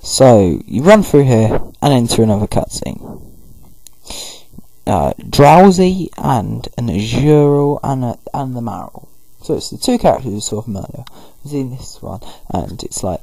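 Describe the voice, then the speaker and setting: A man commentating casually over a game, paraphrasing characters in quick throwaway voices. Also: mid-range voice, animated, gravelly, mellow, breathy edge, rough recording. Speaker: gameplay commentator. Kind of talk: casual let's-play commentary.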